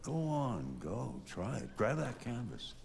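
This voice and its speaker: A gravelly old painter. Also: male voice, medium pitch, sing-song, background noise, heavily acted. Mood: reflective. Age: older. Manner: slow, reflective and encouraging. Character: old male painter, gentle mentor. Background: game music.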